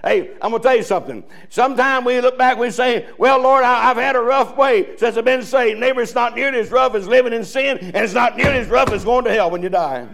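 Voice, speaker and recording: A man's voice: very high voice, a little fast, gravelly, few pauses, fairly bright tone. A male pastor preaching a sermon in a folksy, joking way, full of restarts and chuckles. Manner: folksy, joking preaching with laughs and repeated starts.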